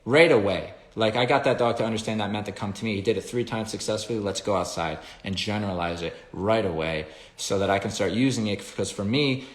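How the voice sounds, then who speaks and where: A man with a fairly low voice walks through his dog training method in a loose, conversational way. He acts out the commands he gives the dogs with sharp, raised calls and swears now and then. The sound carries a noticeable room echo. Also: brisk, few pauses. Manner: swears casually. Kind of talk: casual explanation of training method.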